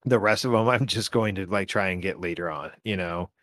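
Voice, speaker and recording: A man's voice: deep voice, fairly quick, fairly bright tone, dry recording. A man co-hosting a casual sports podcast, rambling with fillers and restarts. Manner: rambling, puts on a mock Southern drawl at times. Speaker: podcast co-host. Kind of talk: casual fantasy football chat.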